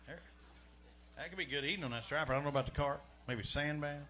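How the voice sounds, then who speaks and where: A man's voice: on the high side, fast talker, pushed and bright, slight background noise. A man hosting a live outdoor fishing weigh-in, joking and chatty as he calls out names and weights. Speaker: weigh-in emcee. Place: outdoor lakeside weigh-in stage.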